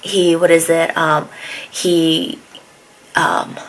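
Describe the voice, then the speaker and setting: A woman's voice: deep voice, flat delivery, very slow, a little hiss or hum, low-quality recording. A woman retelling a drama plot in a casual, rambling way, full of fillers, restarts and acted-out lines. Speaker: drama reviewer.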